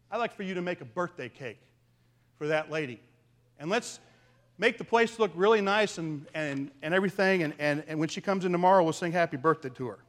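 A man delivering a sermon in a notably high voice. He speaks earnestly to his congregation, swinging between loud emphasis and hushed lines as he tells a story. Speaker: pastor.

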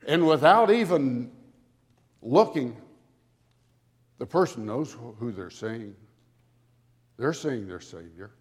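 A man preaching a sermon to a congregation with dramatic emphasis, building to loud peaks on key words. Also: mid-range voice, expressive, husky. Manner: dramatic, slow emphatic delivery with swelling loudness. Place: church sanctuary. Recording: long hall reverb from a church. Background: congregation audience.

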